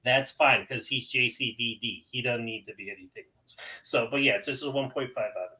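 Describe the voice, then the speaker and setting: A man's voice: mid-range voice, fairly even intonation, brisk, sharp tone, rough recording. A man from New Hampshire co-hosting a casual movie podcast, rambling with restarts and frequent laughs. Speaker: podcast co-host. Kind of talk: casual movie-review chat.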